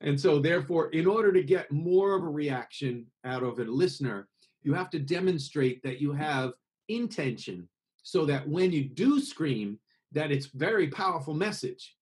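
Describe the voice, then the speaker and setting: A man from America being interviewed about singing, explaining with lively examples and acted-out voices. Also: fairly high pitch, moderate pace. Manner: expressive, acts out voices to make points. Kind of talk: conversational interview over a call.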